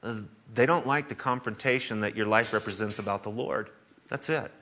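A man's voice: fairly low pitch, fairly quick, bright, forceful tone. A middle-aged man preaching a sermon as pastor, telling a story and laughing often as he talks.

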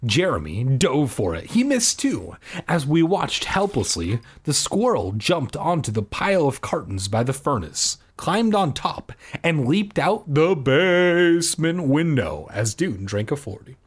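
A man's voice: fairly high pitch, very animated, a little slow, husky. A man reading a children's book aloud, cutting in with sarcastic jokes. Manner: sarcastic, jokey interruptions. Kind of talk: comedic book reading with asides.

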